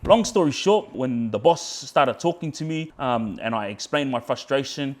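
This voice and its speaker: A man's voice: medium pitch, lively intonation, normal speed. Australian man recounting a tense run-in, blunt and fired up, heavy slang and swearing. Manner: heated, swears a lot, re-enacts shouting in quotes; frequent fillers like yeah, bro, friggin'. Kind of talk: casual storytelling.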